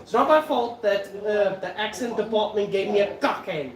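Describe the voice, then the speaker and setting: A man's voice: sits high, normal speed, reverberant, a little hiss or hum. A man from South Africa chatting casually on a livestream while he cooks in his kitchen, swearing freely as he talks. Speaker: streamer cooking.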